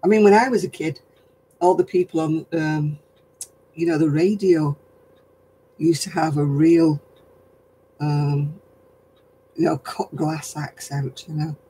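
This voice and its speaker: An older woman from northern England with a softened regional accent, hosting a casual craft live stream, chatting with viewers and chuckling often. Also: sits low, steady tone, slow pace, long pauses, a little hiss or hum, poor audio. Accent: softened northern English. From Oldham, England. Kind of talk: casual chat answering viewer comments.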